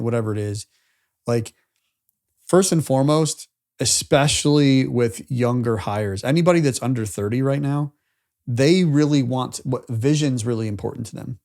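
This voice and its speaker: On a business podcast, a Tennessee-based co-host rambles through casual stories, voicing the quoted conversations himself. His mid-range voice is a little mellow and keeps a moderate pace.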